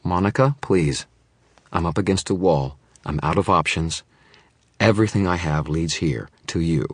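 A man's voice: low voice, normal speed, husky, no echo, studio quality. A man voicing a hard-pressed male wizard detective who presses for help in an urgent, insistent way. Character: hard-pressed male wizard private eye, weary and stubborn.

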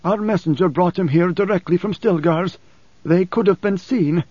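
A man's voice: sits high, moderate pace, a little mellow, no echo, pitched above the performer's own voice. A man doing an insistent old desert elder. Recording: slightly dull dry recording.

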